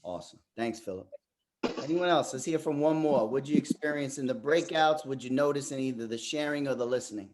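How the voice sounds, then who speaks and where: A man leading a motivational group coaching session over a video call, talking straight to the group as a lively storyteller. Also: medium pitch, a little fast, background noise. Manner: animated storyteller, addresses the group directly. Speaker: workshop facilitator.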